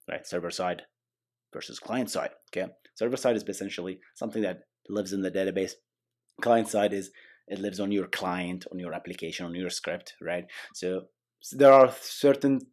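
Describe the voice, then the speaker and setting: A young man hosting a casual programming tutorial, chatty and joking, with frequent okays and rights. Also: fairly low pitch. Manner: chatty, animated, often adds okay and right, jokes. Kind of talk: casual screen-recorded coding tutorial.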